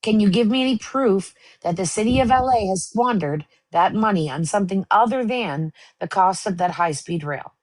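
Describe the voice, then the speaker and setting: A woman's voice: medium pitch, lively intonation, normal speed, few pauses, a little mellow, no echo. A woman moderating a political panel debate, quizzing the others in a pointed, sarcastic way.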